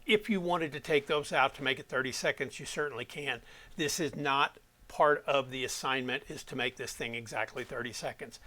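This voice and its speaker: A man's voice: mid-range voice, normal speed, pushed and bright. A man explaining audio editing step by step, as an instructor walking students through a tutorial. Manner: plain step-by-step explaining, self-correcting.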